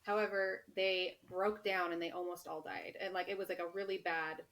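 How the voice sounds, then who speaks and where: A woman's voice: fairly low pitch, flat delivery, moderate pace, a bit bright, low-quality recording. Chatty woman telling trail stories. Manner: chatty storytelling, laughs often. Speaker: author and guest. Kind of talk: casual podcast interview.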